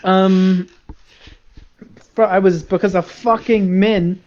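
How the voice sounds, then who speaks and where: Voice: medium pitch, fairly even intonation, slow pace, darkish tone. A player in a casual tabletop game chat, teasing and joking with the others, on a muffled lo-fi recording.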